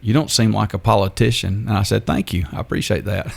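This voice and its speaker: An older man, a radio guest telling his story in a halting, unhurried way. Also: lowish voice, steady tone, gravelly, breathy edge. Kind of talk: interview storytelling.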